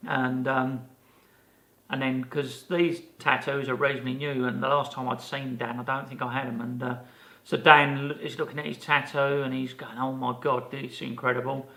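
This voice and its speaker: This co-host of a podcast, a man in his fifties, tells an animated story in easygoing conversation and plays out the people in it. He has a mid-range voice and keeps a moderate speed.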